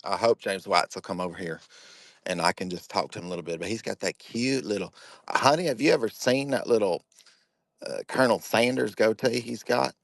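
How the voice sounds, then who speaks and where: A man's voice: fairly low pitch, brisk, creaky, no echo. A man putting on a sassy honey-calling gossip. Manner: sassy, drawling, teasing.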